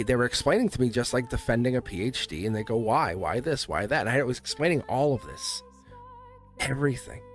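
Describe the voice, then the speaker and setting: Give me a man at mid pitch doing a live tarot reading, chatty and rambling, cutting into his own sentences and chuckling as he goes. Soft music plays faintly behind him. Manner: rambling, restarts sentences, laughs often. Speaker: live tarot reader and channel host.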